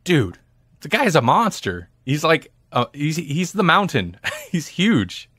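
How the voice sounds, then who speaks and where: Animated man chatting about movies. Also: on the high side, measured pace, husky, dry recording, studio quality. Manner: chatty, animated, laughs often. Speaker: podcast co-host. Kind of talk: casual movie review chat.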